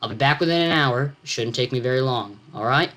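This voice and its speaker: A man's voice: medium pitch, fairly quick, bright, forceful tone, lightly acted. Teen boy doing a curt English outcast. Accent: English, put on.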